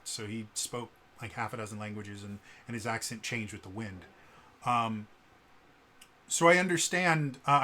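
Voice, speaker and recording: A man's voice: medium pitch, pushed and bright, slight background noise. A man giving blunt, rambling spoken commentary for his gaming vlog, full of um and uh fillers. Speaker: gaming vlogger.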